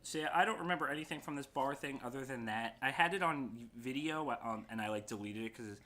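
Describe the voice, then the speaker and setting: A man chatting casually on a podcast, his voice bright and forward. He rambles through his stories and swears freely as he goes. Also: mid-range voice, a little fast. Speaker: podcast co-host. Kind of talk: casual chat.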